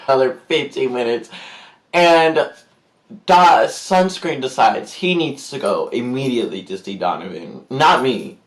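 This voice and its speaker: A man's voice: mid-range voice, measured pace. A man telling a story in a casual vlog, rambling with many fillers and acting out the people he quotes. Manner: animated, acts out quotes in put-on voices. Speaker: YouTuber.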